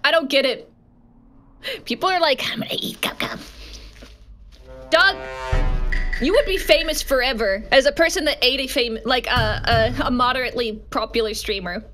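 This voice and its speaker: A woman's voice: high-pitched, normal speed, bright, forceful tone, soft background music. A woman livestreaming a game with viewers, chatting casually, scolding sassily and shrieking in mock terror. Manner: sassy scolding. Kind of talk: casual livestream gameplay chat.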